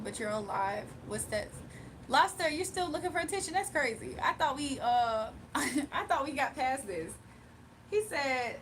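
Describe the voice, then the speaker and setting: With a high voice at a moderate pace, a young livestream host keeps things casual, reading chat comments out loud, talking to her viewers, and laughing a lot through her animated stories. A little hiss or hum runs under the audio.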